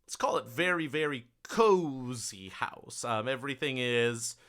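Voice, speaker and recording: Man, game master, tabletop narration, casual, bright voice. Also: mid-range voice, measured pace. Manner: casual, loose with fillers and hedges.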